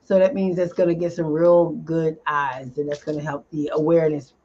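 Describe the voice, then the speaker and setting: A woman with a deep voice, a guest in a casual interview, discusses her advocacy work. She's animated and quick to laugh, and her pauses fill up with fillers. The audio is dull and lo-fi.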